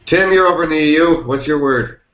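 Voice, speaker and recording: A man's voice: fairly high pitch, a little fast, a bit bright. A man hosting a casual group chat, loose and laughing, thinking aloud with lots of fillers. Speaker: chat host. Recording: echoey, dull call audio.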